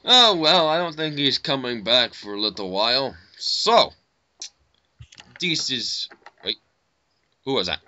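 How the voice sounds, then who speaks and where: A bright, cutting young male voice chatting over a dull, lo-fi voice call. He talks slowly but swoops all over his range, laughing between lines and breaking into goofy impressions. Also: mid-range voice, lively intonation. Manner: giggly, jokey, breaks into silly impressions and shouts. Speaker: channel host recording a voice chat. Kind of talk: casual chat. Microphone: computer headset mic on a voice call. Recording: dull lo-fi voice chat recording.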